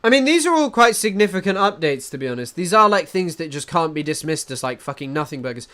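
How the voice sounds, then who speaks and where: A man's voice: a little high, sing-song, fast, pushed and bright. A man with a Southern English accent doing casual live-stream commentary, swearing freely and answering chat as he goes. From England.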